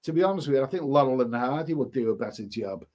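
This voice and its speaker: A man's voice: mid-range voice, expressive, fast talker, a little mellow. A man hosting a casual live stream, reading viewer comments aloud and answering them with rambling, chuckling asides and many restarts.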